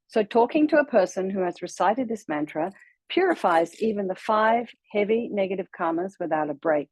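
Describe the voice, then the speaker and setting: A woman from Australia with an Australian accent, a Buddhist nun teaching a class in a relaxed, chatty way, laughing easily and sounding out mantras slowly. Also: medium pitch, no echo, low-quality recording.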